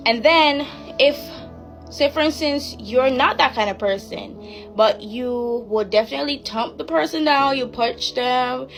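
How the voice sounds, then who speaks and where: Young woman, faith advice vlog, earnest, preachy, fairly high pitch, clear background music. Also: unhurried, fairly bright tone. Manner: earnest, preachy, loose with fillers. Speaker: Christian YouTuber giving advice. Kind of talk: casual faith talk to camera. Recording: music playing behind the voice.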